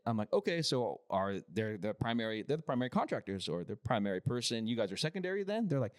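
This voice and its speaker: Animated, foul-mouthed man telling a work story. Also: medium pitch, fast talker, few pauses, no echo, studio quality. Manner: profane, animated, acts out other people's lines. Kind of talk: casual storytelling.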